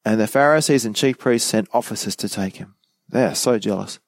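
A man's voice: fairly low pitch, brisk, dry recording. Guy doing a verse-by-verse bible study, reads then chats about it, asks you questions, dry close mic. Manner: reads scripture aloud then comments conversationally, asks the listener questions. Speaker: pastor teaching a Bible study.

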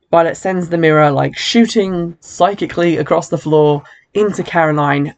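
Chatty film recap host, wry asides, mid pitch voice, keeps correcting themselves. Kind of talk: casual film recap narration.

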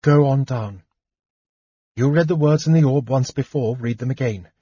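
A man voicing a young elf woman who speaks in a high, breathless, urgent way in an audiobook. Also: normal speed, warm tone, breathy edge, no room sound, muffled recording, natural voice. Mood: shaken. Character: young elf woman, earnest, pleading, desperate. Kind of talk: audiobook character voice.

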